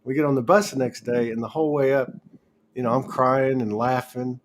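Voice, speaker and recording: A man with a mid-range voice and steady tone hosts a casual spiritual talk show, speaking a little fast as he rambles, restarts, tells stories, and laughs along. There's slight background noise.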